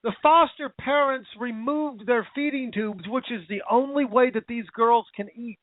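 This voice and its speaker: With a very high voice and a moderate pace, a talk radio host delivers an impassioned, repetitive rant that grows angrier as it goes. The sound is tinny and phone-like, with no echo.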